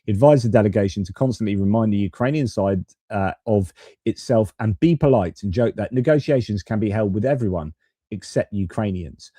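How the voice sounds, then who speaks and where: A man's voice: lowish voice, fairly quick, dark tone, dry recording. A man hosting a live stream of off-the-cuff political commentary, with loose talk and restarts. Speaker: host.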